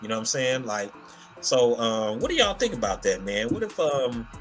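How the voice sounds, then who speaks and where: Male podcast host, casual and animated storyteller, full of fillers, light music bed. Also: mid-range voice, moderate pace.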